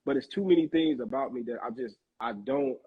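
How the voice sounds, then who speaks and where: A man's voice: mid-range voice, brisk, slightly rough, phone-quality sound. A man hosting a casual discussion, talking in a rambling, searching way and often repeating himself. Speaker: host. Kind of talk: casual faith-minded discussion.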